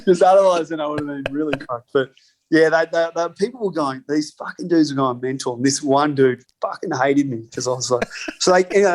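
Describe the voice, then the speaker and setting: Laid-back swearing man telling stories. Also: fairly high pitch. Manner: rambling, heavy swearing, laughs between lines. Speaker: podcast guest, spirits company co-founder. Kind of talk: casual storytelling.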